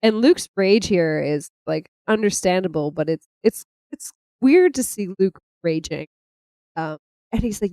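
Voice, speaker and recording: A woman's voice: medium pitch, unhurried, clear, resonant tone, no echo. Brief: woman podcast co-host, casual storytelling, acts out quotes, dry close sound. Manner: animated, laughs often, acts out quotes. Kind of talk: casual chat retelling a comic.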